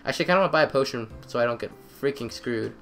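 A young man giving excitable let's-play commentary, trash-talking the game and repeating phrases in quick bursts. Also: mid-range voice, faint music behind. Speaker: gamer.

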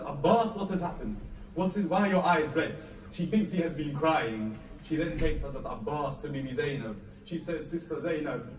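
A man giving a Muharram lecture, reciting a mournful story with deep emotion that swells to near-wailing. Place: mosque or community hall. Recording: echoey hall, mic heard from a distance.

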